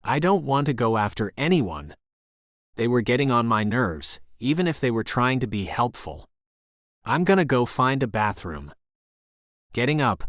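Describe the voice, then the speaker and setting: A man's voice: mid-range voice, fairly bright tone, dry recording, studio quality. A man narrating a first-person romance audiobook in a wry, conversational way.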